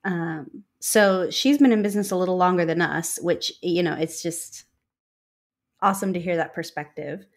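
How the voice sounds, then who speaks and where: A woman co-hosting a podcast, introducing a guest in a relaxed, easygoing way. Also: fairly low pitch, normal speed. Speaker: podcast co-host.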